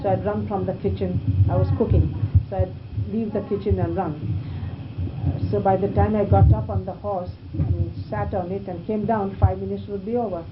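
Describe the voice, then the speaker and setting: An older woman recalling a story from her past in a lively way, growing louder and more excited as she tells it. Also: mid-range voice, normal speed. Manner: lively, grows excited and loud when recalling the scare. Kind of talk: reminiscing anecdote. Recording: muffled, noisy archive recording.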